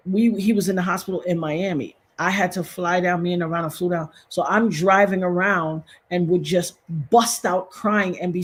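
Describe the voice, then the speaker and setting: A woman in her fifties hosts a casual livestream, her voice lowish and husky. She tells a personal story emotionally and repetitively, speaking directly to her viewers.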